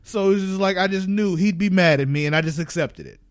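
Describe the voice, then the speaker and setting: A young man co-hosting a podcast in casual chat, animated, laughing often and swearing freely. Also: sits high, fast, dry recording, clean studio sound. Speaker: podcast co-host.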